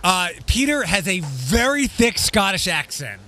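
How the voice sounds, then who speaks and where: A man's voice: high voice, very animated, unhurried, pushed and bright. A man hosting a casual podcast chat, rambling with frequent restarts. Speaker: radio host.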